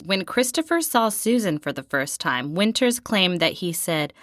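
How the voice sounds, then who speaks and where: A woman's voice: lowish voice, animated, moderate pace, a bit bright, no echo, studio quality. A woman co-hosting a podcast, bantering playfully and reacting to the story. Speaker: podcast co-host. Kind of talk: casual chat.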